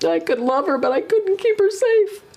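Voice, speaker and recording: A woman's voice: very high voice, lively intonation, moderate pace, darkish tone. A woman speaking as a mother in a pained, reflective documentary interview.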